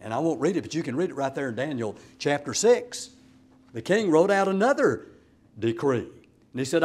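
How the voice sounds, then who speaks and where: A man preaching a sermon as an evangelist, telling the story with dramatic swings from loud exclamations to hushed asides. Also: on the high side, very animated, normal speed.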